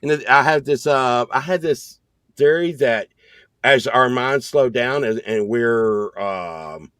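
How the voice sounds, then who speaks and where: A man in casual podcast chat, spinning animated, rambling stories. His voice sits at a middle pitch, and the sound is dry and close to the mic. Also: slow pace, no echo. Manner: animated storyteller, excited and rambling. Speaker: podcast co-host.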